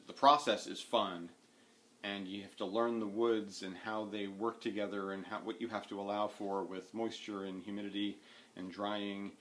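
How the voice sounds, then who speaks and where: This lowish, slightly bright male voice belongs to a man rambling on camera about needlework and other pastimes while seated indoors at home. The chat is full of fillers and restarts, and a little hiss or hum can be heard.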